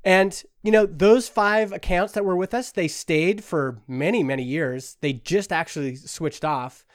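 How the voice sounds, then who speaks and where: A man who founded a small software company, telling stories as a guest in a casual interview and acting out the people in them. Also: sits high, a little slow, no room sound, studio quality. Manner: animated, acts out the people in his stories.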